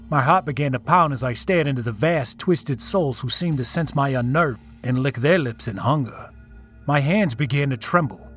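A man reading a first-person horror story as a scripted narration, telling it dramatically and swelling on the tense moments. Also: a little high.

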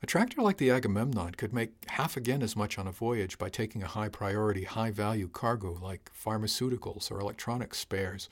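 Measured, low-voiced male narrator. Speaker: audiobook narrator. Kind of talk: first-person scripted narration.

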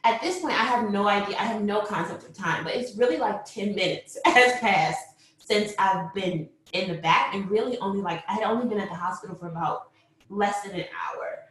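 A young woman telling a personal story, animated, acting out what people said and laughing often. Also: medium pitch, moderate pace. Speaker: mother telling her birth story. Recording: very echoey room.

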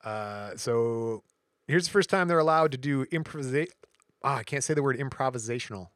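A man's voice: mid-range voice, moderate pace, a bit bright, dry recording, clean studio sound. A man co-hosting a podcast, casually walking through history notes with jokes and stumbles over words. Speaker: podcast co-host.

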